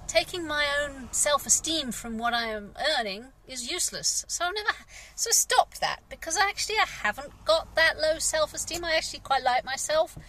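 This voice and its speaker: Sharp and high-pitched, this English woman is a gardener venting in a rambling, candid vlog monologue. Frustration shows in her frequent sighs and fillers, and the recording is rough.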